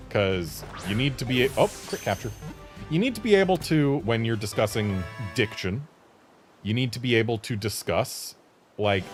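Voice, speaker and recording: Low-voiced American streamer, animated delivery, chatty and rambling. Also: male voice. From United States. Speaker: video game streamer. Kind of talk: casual gameplay commentary.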